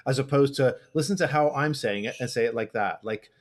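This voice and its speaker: A man's voice: mid-range voice, a little fast. Man musing hesitantly on podcast. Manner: thinks aloud, hesitant restarts, demonstrates intonation. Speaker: podcast co-host, English teacher. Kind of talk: casual discussion.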